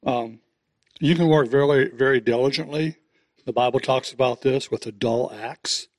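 A man's voice: mid-range voice, normal speed, dry recording. A man in a Bible class making an offhand, hesitant remark. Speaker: class member.

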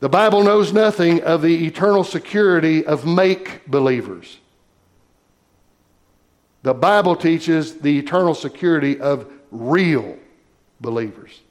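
Slightly high-voiced man preaching a sermon. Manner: emphatic, measured preaching with slowed stressed phrases.

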